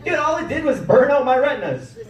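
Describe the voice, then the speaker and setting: A man's voice: very high voice, sing-song, a little fast, lo-fi sound, a faint crowd. A man performing a stand-up comedy set, telling stories animatedly and acting out what his friends said. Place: comedy club stage. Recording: echoey room mic'd from a distance.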